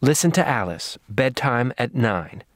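A man voicing a brisk, cheerful adult woman in an audiobook reading. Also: mid-range voice, sing-song, no echo, clean studio sound.

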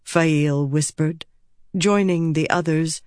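Steady audiobook narrator, dry studio sound. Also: medium pitch, no echo. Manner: measured and steady, voicing characters. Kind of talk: scripted narration.

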